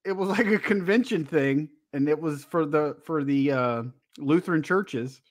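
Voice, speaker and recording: A man's voice: on the high side, normal speed. A man co-hosting a podcast who reads review scores and tells rambling personal stories in casual chat. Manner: rambling, anecdotal. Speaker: podcast co-host.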